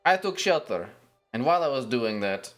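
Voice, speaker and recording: A man's voice: medium pitch, very animated, normal speed, soft background music, lightly acted. A man plays a solemn Egyptian-accented treasure hunter in a tabletop game, spinning ominous tales with a dire, dramatic delivery. His voice rises and falls freely as he leans into the legend. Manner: dire, storytelling, theatrical. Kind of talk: tabletop role-play character voice.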